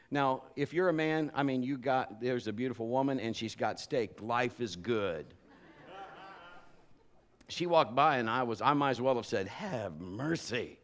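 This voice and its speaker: A male pastor preaching a sermon and telling stories with humor and energy. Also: medium pitch. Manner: animated, humorous storytelling.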